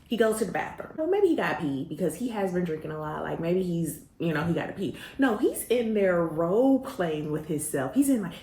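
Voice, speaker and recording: Woman telling her own story, slangy and animated, acts out everybody's lines, echoey room. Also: fairly low pitch, a little fast, hardly any pauses, a little hiss or hum. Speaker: host. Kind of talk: personal storytelling.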